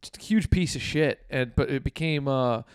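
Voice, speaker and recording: A man's voice: mid-range voice, normal speed, clean tone, no room sound, clean studio sound. A young Canadian man co-hosting a comedy podcast, telling rambling, profane stories in casual chat. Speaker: podcast co-host.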